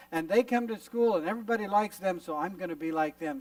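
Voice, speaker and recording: High-voiced, animated male youth preacher. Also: fairly quick, gravelly, few pauses, no room sound, distant mic, rough recording. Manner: animated storyteller who acts out little scenes. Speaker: youth conference speaker. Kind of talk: youth sermon with visual illustrations. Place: camp meeting hall.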